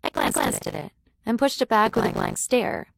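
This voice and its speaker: A woman's voice: fairly high pitch, lively intonation, moderate pace, vocal fry, dry recording. A young woman narrating a first-person story in an emotional, confessional way.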